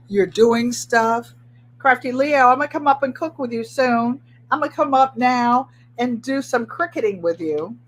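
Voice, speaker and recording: A woman with a slightly high, breathy-edged voice hosts a casual craft livestream from her home, chatting and offering motivational advice straight to her viewers. She often repeats phrases for emphasis.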